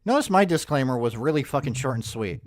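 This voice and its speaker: A man's voice: mid-range voice, lively intonation, quick pace, dry recording. A blunt, sarcastic man hosting a reaction video and swearing freely. The recording is dry and close. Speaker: commentary host. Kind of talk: profane reaction commentary.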